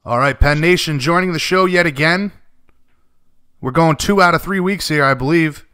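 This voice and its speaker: A man's voice: on the high side, normal speed, pushed and bright, clean tone. A man hosting a sports radio show, chatting easily with his guests and laughing along.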